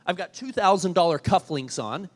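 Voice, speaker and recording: A man with a slightly raised pitch tells a story as the keynote at a gala. He speaks earnestly and with emphasis, stumbling on repeated words as he builds each point. His voice rings out through a large hall with a long, trailing reverb. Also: lively intonation, normal speed.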